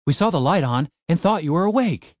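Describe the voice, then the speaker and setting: Brief: a man playing a jumpy young adventurer, higher pitch, quick to apologize. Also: lively intonation, dry recording, clean studio sound, natural voice. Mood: apologetic. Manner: apologetic, hasty.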